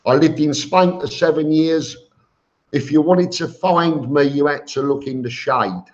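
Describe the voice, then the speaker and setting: A man hosts a casual live stream, reading viewers' comments aloud and responding with chuckles. His voice is on the high side and darkish, at a measured pace, and the stream audio sounds dull and lo-fi.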